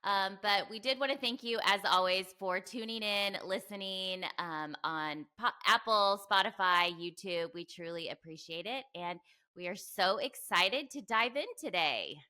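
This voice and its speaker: Bright-voiced woman co-hosting a podcast. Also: medium pitch, unhurried, clear, resonant tone. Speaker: podcast co-host. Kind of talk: casual podcast chat.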